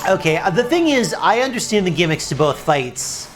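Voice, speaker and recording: A woman streaming a video game live, chatting with viewers and yelling at the game when it goes wrong. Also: on the low side, moderate pace, over music. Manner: excitable, yells at the game, then apologizes. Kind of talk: live gameplay commentary.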